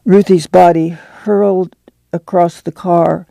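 Male audiobook narrator, steady storyteller, slightly higher voice, close and dry. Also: a little slow, gravelly, dry recording. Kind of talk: scripted literary narration.

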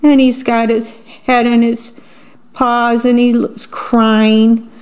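A woman reading picture books aloud to children in a gentle manner, pausing to describe the pictures. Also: a little high, little pitch movement. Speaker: storybook reader. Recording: dull lo-fi recording.

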